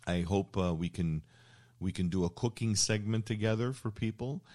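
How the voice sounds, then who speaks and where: A very deep-voiced older man hosts a relaxed chat show. He wanders through stories, pausing on ums and uhs, circling back to his point. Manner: rambling, anecdotal storyteller with many fillers. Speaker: show host. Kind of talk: casual interview chat.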